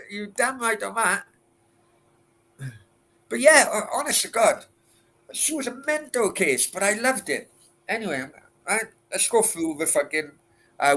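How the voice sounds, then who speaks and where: A livestream host with a high-sitting, pushed and bright voice answers chat during a late-night Q and A. He rambles casually and crudely, swearing a lot and restarting his sentences.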